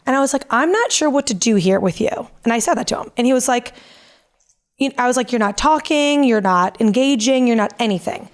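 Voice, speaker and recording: A woman's voice: a little high, fairly quick. A woman in her thirties, co-hosting a podcast, telling a story in casual chat and acting out what people said. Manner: animated storytelling, acting out quotes. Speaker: podcast co-host.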